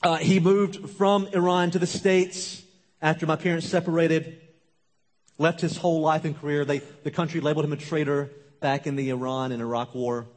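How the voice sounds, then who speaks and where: A man preaching a sermon with an emphatic, repetitive rhythm that drops to a hush at times. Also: on the high side, little pitch movement, normal speed. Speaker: pastor. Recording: long reverb of a large hall.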